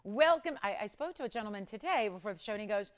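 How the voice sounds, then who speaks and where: A woman's voice: medium pitch, animated, fast. A woman hosting a live TV jewelry shopping show, enthusiastic and repeating words for emphasis. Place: TV studio.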